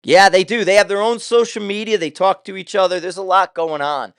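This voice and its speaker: A man's voice: sits high, fairly even intonation, brisk, fairly bright tone, smooth, no room sound, studio quality. An older man hosting his own show, talking in a casual, rambling way with loose, profane asides. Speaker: show host.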